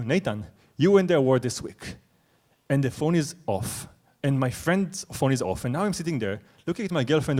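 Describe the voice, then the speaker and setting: A young man from Israel telling a true story on stage, animated, excitable and self-mocking. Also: fairly high pitch. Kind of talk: live storytelling. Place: stage at a live event.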